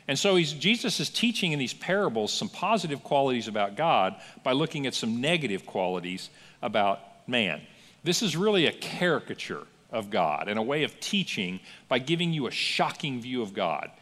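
A man preaching a sermon as pastor, telling stories with lively acted-out quotes in a church. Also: mid-range voice, moderate pace, in a large hall. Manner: animated storytelling with acted-out quotes. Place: church sanctuary.

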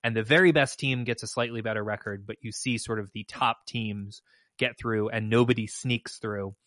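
A man co-hosts a casual podcast, analyzing results in an emphatic, slightly wry way; he is also a mock trial coach. His voice is lowish, steady and fairly bright, at a moderate pace, in a dry recording.

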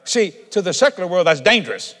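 A folksy sermon comes from a middle-aged man with a fairly high, sing-song voice speaking at a quick pace. His casual asides give way to loud shouts, and the large church hall lends a long, ringing reverb.

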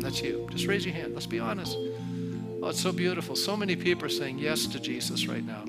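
Earnest male pastor over loud music. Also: fairly high pitch, lively intonation, fast talker. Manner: earnest, pleading, repeats phrases. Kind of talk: sermon with altar call. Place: church sanctuary.

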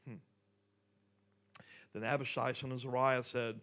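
Preacher man, fairly high voice. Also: normal speed. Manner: conversational preaching, drops to soft intimate tones then builds. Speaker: pastor. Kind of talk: sermon.

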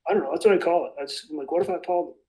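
A man with a high, gravelly voice talks in a rambling, emphatic way. He is passionate in a loose, casual discussion about faith. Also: racing, warm tone, low-quality recording. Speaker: bible study participant.

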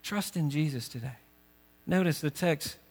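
A man's voice: fairly high pitch, moderate pace, a little mellow, slightly rough. A male pastor giving a sermon, earnest and urgent, pressing direct questions on his congregation. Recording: long reverb of a big hall.

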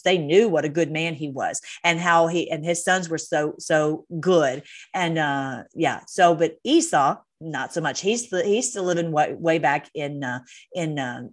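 A woman with a deep voice teaches a Bible study at a normal pace, reading scripture aloud. She uses frequent fillers, corrects herself often, and breaks off into conversational, exasperated asides.

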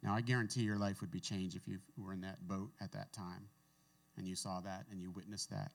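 Low-voiced man giving a casual sermon. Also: level tone, brisk, creaky. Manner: conversational, with asides and chuckles. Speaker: pastor.

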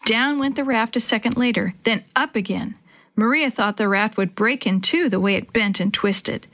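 Woman reading a lively children's story. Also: moderate pace. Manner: lively, raises pitch for children's dialogue. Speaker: storybook narrator. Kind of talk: children's audiobook reading with character voices.

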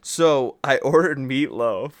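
A man hosts a laid-back podcast, grumbling through stories and swearing without a second thought. His voice is clear and smooth, sitting at an ordinary pitch. The sound is dry and close, with no room in it. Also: slow pace, no room sound. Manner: venting storyteller, swears freely. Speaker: podcast host. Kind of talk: casual chat.

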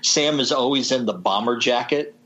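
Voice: mid-range voice, moderate pace, a bit bright, rough recording. A podcast co-host explaining things casually with some hesitation. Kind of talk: casual chat.

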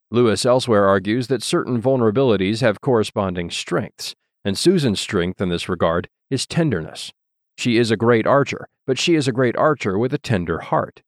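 A man narrating an audiobook in a measured, literary reading style. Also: lowish voice, no echo, studio quality. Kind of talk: scripted narration.

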